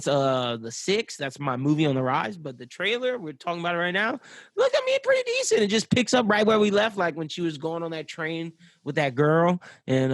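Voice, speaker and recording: Casual male podcast co-host, slangy, a bit high, dry close sound. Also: no echo. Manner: laid-back, slangy, rambling with restarts. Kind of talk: casual chat.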